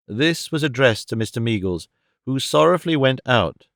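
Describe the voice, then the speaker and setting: A male audiobook narrator reads a classic novel at a measured, steady pace. His voice is smooth and resonant with a gravelly grain. It is recorded close and dry. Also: mid-range voice, no room sound. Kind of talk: scripted narration.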